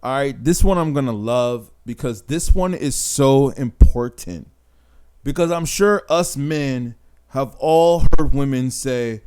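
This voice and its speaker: A channel host with a medium-pitched, slightly mellow, clear and resonant voice speaks slowly in a casual monologue to camera. He's blunt and emphatic, often tacking "man" and "right?" onto his lines.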